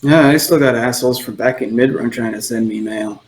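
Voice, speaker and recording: A man's voice: mid-range voice, a little fast, lightly acted. Casting: man as a sleepy coffee-drinking townsperson in a tabletop game, weary mutter, echoey room.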